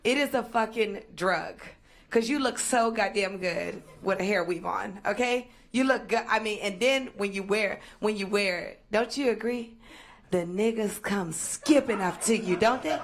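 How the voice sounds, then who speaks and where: A woman doing stand-up, teasing the audience in loud crowd work on a stage mic. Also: mid-range voice, measured pace. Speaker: stand-up comedian. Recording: noisy live show with crowd.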